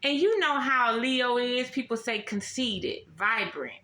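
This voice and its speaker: On her casual vlog, an astrology vlogger goes off in a blunt, emphatic rant, swearing constantly and saying things again and again. Her voice sits on the high side, expressive and bright with a forceful tone at a measured pace, over a roomy echo.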